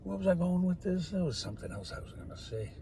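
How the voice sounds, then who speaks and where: A man talking in a rambling monologue, drifting between loud bursts and muttered, whispered asides. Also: high voice, very animated, quick pace, vocal fry, slight background noise. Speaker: solo talker.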